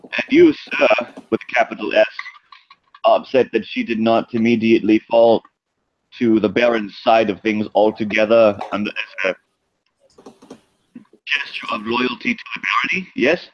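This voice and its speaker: A man with a put-on German accent, speaking in character in a tabletop role-play session. His voice sits low and he halts often, filling pauses with "uh". The sound is dull and lo-fi. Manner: halting, with many fillers. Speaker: player.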